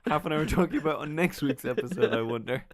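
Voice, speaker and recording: A man's voice: a little high, dry recording. A man co-hosting a casual comedy podcast from a living room, dry and sardonic. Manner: dry, sardonic, quick to laugh. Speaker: podcast co-host.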